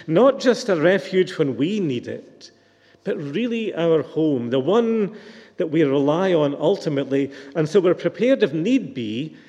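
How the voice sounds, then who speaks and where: A man's voice: a little high, warm tone, in a large hall. A man preaching a sermon in a reflective, questioning manner.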